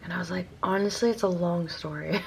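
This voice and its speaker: A young woman from Maryland, hoarse with her voice mostly gone, rambling through a casual vlog story with lots of fillers. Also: on the low side, steady tone, fairly quick, a little hiss or hum. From Maryland, USA. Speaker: vlogger.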